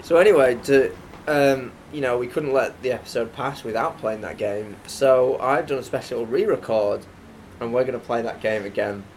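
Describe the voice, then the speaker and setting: A man's voice: medium pitch, normal speed, darkish tone, slight background noise. A young man co-hosting a podcast, telling stories playfully and laughing often. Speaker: podcast co-host. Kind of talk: casual chat.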